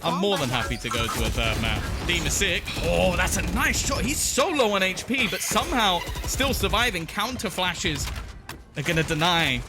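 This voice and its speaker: A man's voice: high voice, animated, moderate pace, over music. A man casting an esports match, teasing his co-caster with dry banter. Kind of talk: play-by-play commentary.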